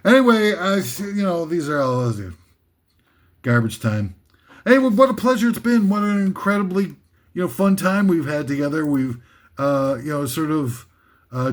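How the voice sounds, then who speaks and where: Rambling man with a higher voice. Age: older. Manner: reads titles flatly, laughs at his own jokes, many fillers and restarts. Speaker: host reading a comic list. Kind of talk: rambling deadpan monologue.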